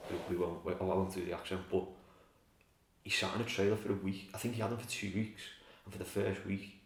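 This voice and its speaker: A man chatting casually about films, telling stories and swearing freely. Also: low-pitched. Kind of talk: casual film chat. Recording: roomy, distant from mic.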